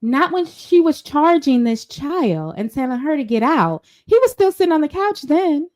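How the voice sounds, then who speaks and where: Woman podcast co-host, emphatic gossip storyteller, acts out quotes, slightly high voice. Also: big pitch swings, normal speed, darkish tone. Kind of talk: casual pop-culture chat.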